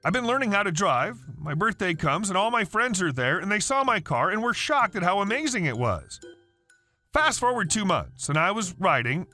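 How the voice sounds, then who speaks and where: A man narrating reddit stories in an animated reading voice, with faint music behind. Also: high-pitched, moderate pace.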